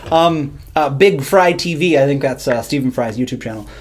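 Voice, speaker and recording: Relaxed guy reading chat on a d&d stream, mid pitch, jokey, lots of ums. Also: normal speed. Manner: laid-back, joking, full of fillers. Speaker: co-host of a tabletop game channel. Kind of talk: casual livestream chat.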